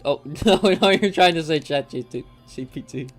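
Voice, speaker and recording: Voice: medium pitch, unhurried, faint music behind. A young adult streamer in casual, joking banter with friends during a live game session, laughing often and swearing freely. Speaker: gaming streamer.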